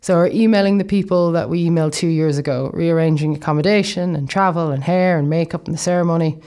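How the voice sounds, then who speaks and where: A woman's voice: sits low, fast talker, warm tone. A young Irish woman from Ireland, chatting casually in a vlog and rambling through plenty of asides as she explains things. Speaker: vlogger.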